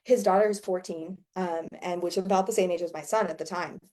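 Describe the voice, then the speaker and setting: A woman's voice: on the low side, fast. Woman, 30s, business coach; casual, profane storyteller with lots of laughter. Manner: profane, animated, laughs often.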